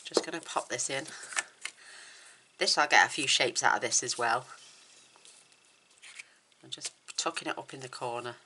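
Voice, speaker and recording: Woman, very deep voice, bright tone, enthusiastic crafting tutorial, faint background noise. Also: moderate pace, pauses often. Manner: chatty, enthusiastic, rambling asides. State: numb mouth after the dentist. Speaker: papercraft demonstrator.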